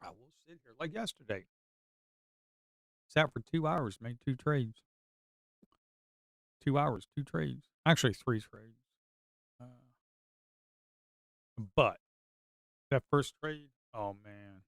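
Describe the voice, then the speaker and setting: Man, middle-aged, casual trading commentary, chatty, repetitive, sarcastic, smooth clear voice, dry close sound. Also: medium pitch, moderate pace, pauses often, no echo. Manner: chatty, repeats himself, sarcastic asides. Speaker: day trader streaming live.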